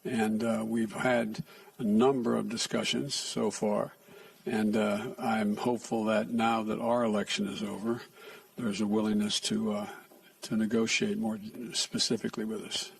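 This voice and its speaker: An older man answering reporters' questions at a press conference, speaking haltingly with frequent restarts and soft asides. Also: lowish voice, flat delivery, vocal fry, recorded from a distance. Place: press room.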